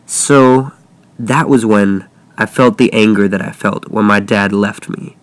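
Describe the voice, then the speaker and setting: A man's voice: on the low side, steady tone, measured pace, dry recording. A young man casually improvising a first-person horror story, with offhand, jokey asides.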